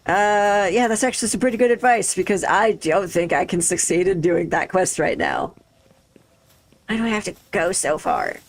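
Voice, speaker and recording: A woman with a lowish, creaky voice livestreams a game, chatting casually at a moderate pace into a desk microphone. Her pitch swings widely as she thinks aloud and laughs easily. The recording quality is low.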